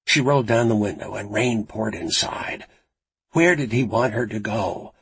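Gravelly, raspy male thriller narrator. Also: lowish voice, animated, moderate pace, low-quality recording. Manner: dramatic, suspenseful. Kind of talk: scripted audiobook narration.

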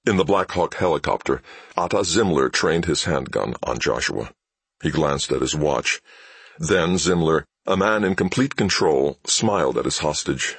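A male narrator reading a thriller audiobook with a very deep, husky voice and a lively, rising and falling delivery. His pacing is measured, and the recording is dry and close with no room sound. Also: dry recording. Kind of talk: scripted dramatic narration.

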